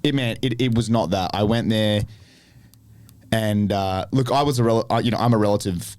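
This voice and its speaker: A young adult man, a podcast guest telling animated stories about acting work, swearing often. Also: on the low side, normal speed, dry recording. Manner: animated storytelling with lots of swearing. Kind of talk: casual chat.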